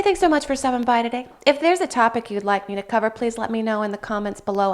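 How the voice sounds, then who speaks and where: A woman hosting a reaction video, chatting casually and thinking aloud, sometimes restarting her sentences. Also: a little high. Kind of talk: casual commentary.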